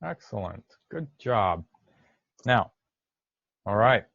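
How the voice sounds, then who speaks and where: A man's voice: lowish voice, sing-song, slow pace, gravelly, a bit bright, no echo. A man teaching a virtual class lesson, encouraging and repeating words for students to say back, and switching to some Spanish for part of the class. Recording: dull lo-fi dry sound.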